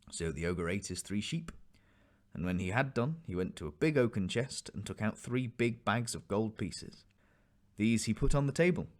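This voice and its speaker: A man narrating a classic fairy tale aloud in a measured, expressive reading. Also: on the low side. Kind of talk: storybook reading.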